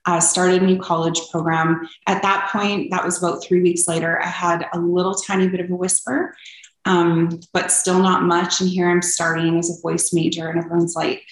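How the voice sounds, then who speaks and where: A woman's voice: on the low side, little pitch movement, normal speed. A young woman telling her personal story as an interview guest, earnest and open, with frequent ums. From Canada. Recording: echoey room.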